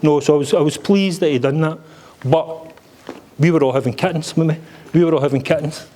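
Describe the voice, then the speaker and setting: A man's voice: on the high side, brisk, warm tone. A middle-aged Scottish man giving a joking, blunt father-of-the-bride speech at a wedding reception, swearing freely.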